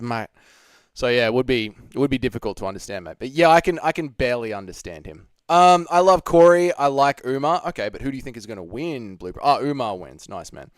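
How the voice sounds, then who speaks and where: A man's voice: mid-range voice, expressive, brisk, smooth, dry recording. A young man hosting a casual live stream, chatting and reading out viewer comments with plenty of swearing. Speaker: livestream host.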